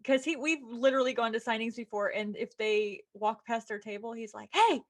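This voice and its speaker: Casting: middle-aged woman co-host, high voice, animated anecdotes. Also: a little fast. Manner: chatty storyteller, acts out quotes in voices. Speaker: podcast co-host, author. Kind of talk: casual chat.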